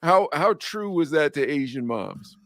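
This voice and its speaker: A man's voice: a little high, expressive, no room sound, clean studio sound. A man co-hosting a podcast, joking and chiming in playfully. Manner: playful, laughing, quick interjections. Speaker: podcast co-host. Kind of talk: casual podcast chat.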